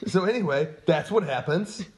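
Male podcast co-host, mid pitch, loose and jokey, self-deprecating history storyteller. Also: lively intonation, normal speed. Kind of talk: casual history chat.

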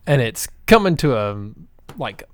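A man co-hosting a casual movie chat, measured and detail-minded. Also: medium pitch, sing-song. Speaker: podcast co-host.

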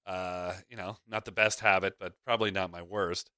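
A man's voice: deep voice, steady tone, normal speed, pushed and bright, dry recording. A middle-aged man hosting a podcast, telling a casual story in a rambling, chatty way with lots of fillers and restarts. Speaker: podcast host.

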